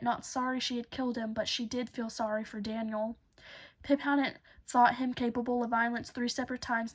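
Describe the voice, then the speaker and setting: A woman narrating a novel chapter as an audiobook, steady with occasional slips. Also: on the high side. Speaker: audiobook reader.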